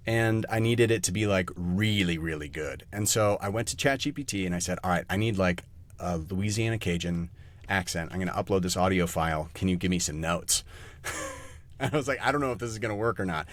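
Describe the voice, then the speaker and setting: A man talking as a guest on a podcast, animated and casual, swearing freely and restarting sentences as he thinks. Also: low-pitched. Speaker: guest voice actor.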